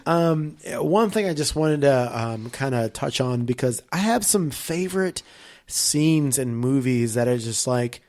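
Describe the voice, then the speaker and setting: A man in a casual podcast chat, rambling with lots of swearing and boundless enthusiasm. His pitch sits in an ordinary middle range. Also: lively intonation, a little slow, a little mellow. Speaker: podcast guest, filmmaker.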